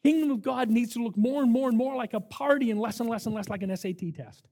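An older man preaching to a camp crowd in a fairly high voice. He is an emphatic storyteller who throws himself into each anecdote. He swings between lively bursts and quieter, earnest stretches. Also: fast. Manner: animated, emphatic storyteller who acts out quotes. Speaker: camp director. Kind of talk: sermon with storytelling.

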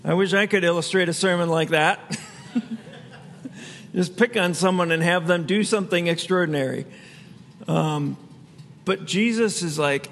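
A man's voice: sits high, unhurried, long pauses, a bit bright, in a large hall, a little hiss or hum. A man preaching a sermon as pastor, in a conversational way with asides he laughs at himself.

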